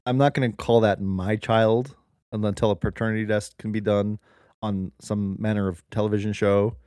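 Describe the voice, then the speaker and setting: A man co-hosting a casual comedy podcast, wry and deadpan as he picks apart a story. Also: on the low side, normal speed, clear, resonant tone, dry recording, clean studio sound. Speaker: podcast co-host.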